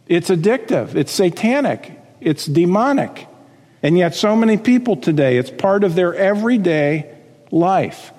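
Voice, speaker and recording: A male pastor preaching a sermon, reading scripture and acting out quotes with lively emphasis. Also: high-pitched, a little slow, long reverb tail.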